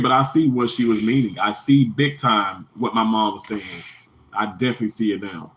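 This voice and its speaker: A man's voice: normal speed, fairly bright tone, rough recording. Heartfelt rambling man on a livestream. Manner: heartfelt, rambling, repeats himself, pitch jumps high when emphatic. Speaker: livestream host. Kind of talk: emotional livestream chat with viewers.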